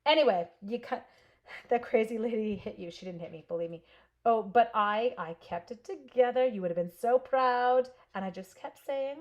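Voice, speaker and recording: A woman's voice: fairly high pitch, normal speed, lo-fi sound. A woman in her forties from Canada hosting a casual live stamping stream, telling a long story while cutting paper and answering viewers by name.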